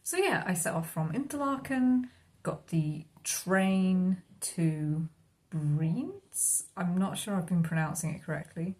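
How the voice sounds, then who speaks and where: A woman's voice: on the low side, lively intonation, slow, darkish tone. A woman narrating her own travel vlog in a casual, rambling way, often laughing. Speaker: travel vlogger.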